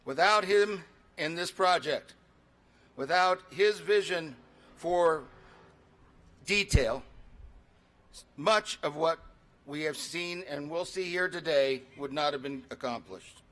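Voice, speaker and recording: A middle-aged man, a state legislator, giving formal ceremonial remarks in a measured way with pauses. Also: fairly high pitch, a bit bright.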